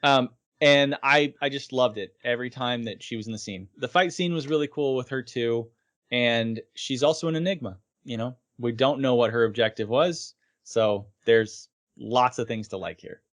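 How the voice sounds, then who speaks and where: A man's voice: mid-range voice, moderate pace. Guy on an anime podcast, chatty, laughs a lot while retelling scenes, plain middle voice. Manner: animated storytelling, acts out scenes and laughs often. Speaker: podcast co-host. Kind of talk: casual chat about anime.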